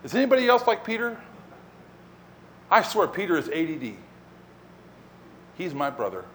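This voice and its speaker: A man preaching a sermon as pastor, telling the story in an animated way and acting out scenes. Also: high voice, moderate pace, a little hiss or hum.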